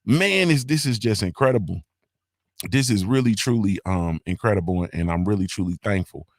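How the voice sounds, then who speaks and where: Lauter Moderator mit Singsang-Ansagen. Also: male voice, lowish voice, animated, moderate pace, no room sound. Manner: loud, hyped, sing-song roll call with slang. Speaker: host. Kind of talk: casual livestream shout-outs.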